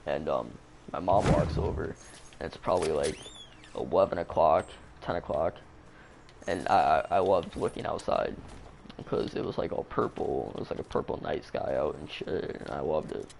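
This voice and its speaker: A man's voice: very deep voice, a little mellow, a little hiss or hum. A man telling a story in a casual, rambling way, swearing a lot and using plenty of fillers. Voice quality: creaky. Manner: rambling, profane, full of fillers.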